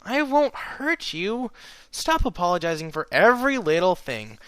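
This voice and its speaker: A man reading aloud voices a kind, patient young female unicorn, raising his voice into a soft, reassuring higher register. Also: very animated, a little slow, smooth, no echo, exaggerated voice. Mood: gentle, reassuring.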